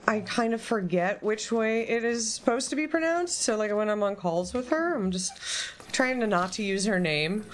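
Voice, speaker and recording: A woman's voice: medium pitch, a little hiss or hum. A woman co-hosting a live game stream, chatting casually and rambling with frequent ums and the odd swear word.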